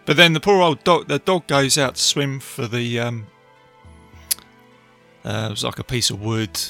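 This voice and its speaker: A man casually recapping a film, chatty and enthusiastic, tossing in quick impressions of lines. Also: medium pitch, steady tone, gravelly, sharp tone, soft background music. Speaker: film reviewer.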